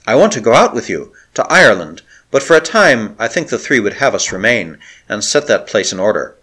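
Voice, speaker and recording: A man reading aloud voices a young otherworldly handmaiden, gentle and innocent, who speaks with tender wonder. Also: fairly low pitch, very animated, a little fast, slightly rough, exaggerated voice.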